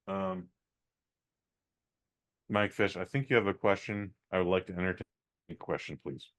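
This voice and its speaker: A man's voice: low voice, lively intonation, moderate pace, long pauses, a bit bright. A man co-hosting a podcast, giving a rambling, profane, exasperated movie review in casual chat.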